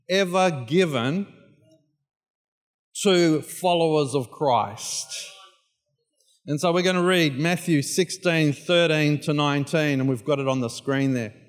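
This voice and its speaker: Male pastor, slightly high voice, emphatic preaching in a reverberant church hall. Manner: builds from quiet prayer to loud, rising emphatic repetition. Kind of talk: sermon.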